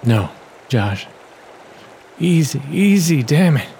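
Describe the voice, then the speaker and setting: A man's voice: on the high side, very animated, slow pace, mellow, voice pushed up, full character voice. A man voicing a rugged, desperate frontier man who talks in old frontier speech, in a noisy home recording. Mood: urgent pleading.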